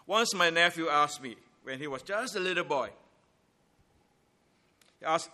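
Man preaching, bright kinda sharp voice, real slow and deliberate, leans hard on each phrase. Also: fairly high pitch, animated. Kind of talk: Good Friday sermon.

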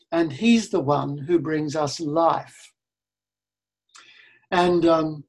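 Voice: medium pitch, slightly rough. A pastor preaching a sermon, earnest and emphatic, with repeated phrases.

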